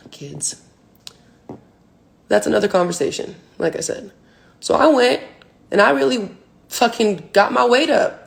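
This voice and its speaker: A young woman in her twenties with a high voice holds forth on a phone livestream. She rants in a profane, emphatic, preachy way, a professional athlete airing her grievances. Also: animated, moderate pace, vocal fry. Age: 20s. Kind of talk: livestream rant.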